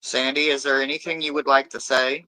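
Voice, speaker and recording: A man's voice: medium pitch, level tone, fairly quick, sharp tone, poor audio. A man hosting a live tarot stream, chatting casually and loosely with viewers, swearing freely and rambling between readings.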